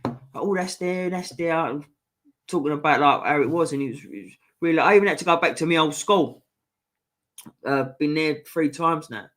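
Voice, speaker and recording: A man's voice: on the high side, normal speed, a bit bright. A man from East London with a Cockney accent, rambling casually on a fan livestream and reading out the chat. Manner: rambling, chatty, frequent restarts, swears casually. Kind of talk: casual live stream chat.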